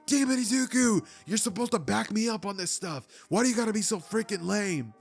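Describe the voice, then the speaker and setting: A man's voice: medium pitch, fairly quick, faint music behind, close to an everyday voice. A man voicing a brash, hot-headed teenage boy who bosses his friend around. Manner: loud, bossy, exasperated.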